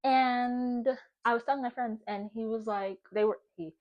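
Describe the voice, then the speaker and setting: A woman's voice: fairly high pitch, normal speed, highs cut off, a little hiss or hum. Young woman telling a wild story. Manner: animated, profane, laughing often. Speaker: vlogger. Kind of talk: casual storytelling while baking.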